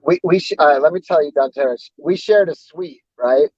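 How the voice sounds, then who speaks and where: A man's voice: a little high, moderate pace, husky, dry recording. Swearing man telling a story, lo-fi. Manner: profane, laid-back storyteller. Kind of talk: casual chat, storytelling.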